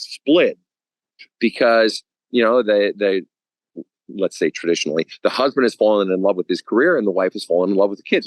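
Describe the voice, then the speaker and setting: A man's voice: lowish voice, dry recording, low-quality recording. Blunt, profane male counselor. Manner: blunt and profane, animated storytelling. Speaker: guest counselor. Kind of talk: casual podcast conversation.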